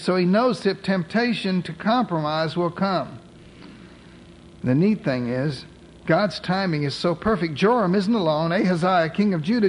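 High-voiced male preacher, joking storyteller. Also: a little hiss or hum, poor audio. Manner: storytelling with humorous modern asides. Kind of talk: sermon.

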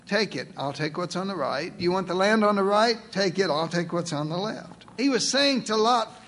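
A man's voice: high voice, fairly bright tone. A male pastor preaching a sermon in a folksy, playful way, acting out the voices in his quotes.

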